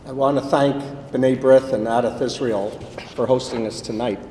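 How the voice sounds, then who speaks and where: A man's voice: mid-range voice, fairly even intonation, moderate pace, few pauses, warm tone, distant mic, a little hiss or hum. A middle-aged man, an election candidate, delivering a confident, prepared opening statement. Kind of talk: formal debate opening statement. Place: synagogue hall with audience. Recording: echoey hall.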